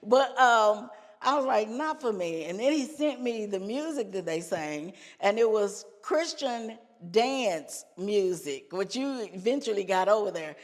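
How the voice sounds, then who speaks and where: An American gospel singer, appearing as a podcast guest, tells her life story in a casual interview, often repeating phrases for emphasis. Her mid-range voice has lively intonation and an unhurried pace, and she sounds like she's in a large hall.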